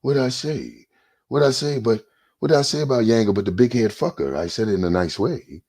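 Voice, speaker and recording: A man doing a sneering, low-voiced taunting mimic. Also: a little fast, a little mellow, husky. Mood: mocking. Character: mocking impression of a sneering younger man.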